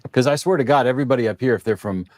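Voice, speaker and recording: A man's voice: mid-range voice, rapid-fire, darkish tone, no room sound, studio quality. A man from the American Midwest hosting a casual chat show in a joking, chatty way. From Chicago area, USA. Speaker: show host.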